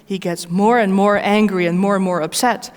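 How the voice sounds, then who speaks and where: A woman answers audience questions from the stage in a mid-pitched voice. Her speech is halting, full of fillers and restarts. The sound carries a long reverb from a large conference hall. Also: steady tone, darkish tone. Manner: hesitant, many fillers and restarts. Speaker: conference speaker and certified coach.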